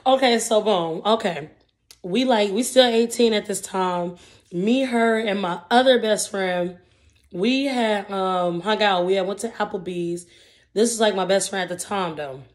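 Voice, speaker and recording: A woman in her twenties telling a rambling story in a casual vlog, full of fillers, eating between sentences. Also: a little slow. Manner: chatty and rambling, with many fillers like "okay, boom". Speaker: vlogger.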